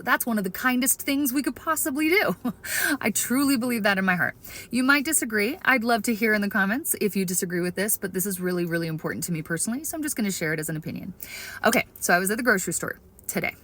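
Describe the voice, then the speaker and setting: A woman speaks to camera in an opinion vlog, earnest and emphatic. She retells a personal story with conviction, at an ordinary pitch. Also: a bit bright. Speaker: video creator.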